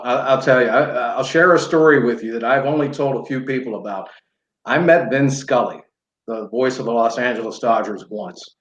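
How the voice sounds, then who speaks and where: Halting middle-aged man, roomy sound. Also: medium pitch, fairly bright tone. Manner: modest, halting with repeated restarts. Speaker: guest play-by-play broadcaster. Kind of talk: casual podcast chat. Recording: roomy, dull remote audio.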